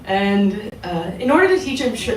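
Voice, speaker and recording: A woman's voice: medium pitch, big pitch swings, normal speed, darkish tone, a little hiss or hum. A woman giving a casual devotional talk to a group, asking her listeners questions as she goes. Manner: conversational, asks the audience questions. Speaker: devotional class speaker. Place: temple hall. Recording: echoey hall, voice from far off.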